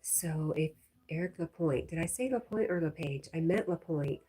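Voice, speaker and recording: A woman's voice: low voice, moderate pace, dark tone, husky. A woman from Connecticut hosting a casual livestream, chatting, laughing often and reading viewer comments aloud. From Connecticut, USA. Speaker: livestream host.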